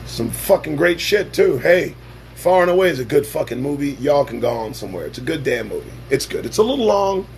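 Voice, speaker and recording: A man's voice: a little high, very animated, fairly quick, darkish tone, a little hiss or hum. A man hosting a casual live-stream show, talking in a profane, sarcastic and preachy way. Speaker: livestream show host.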